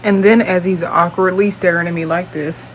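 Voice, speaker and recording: Blunt, low-voiced woman telling a story. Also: fairly even intonation, normal speed, noisy background. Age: late 20s. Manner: blunt, profane, exasperated. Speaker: vlogger. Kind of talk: storytime vlog.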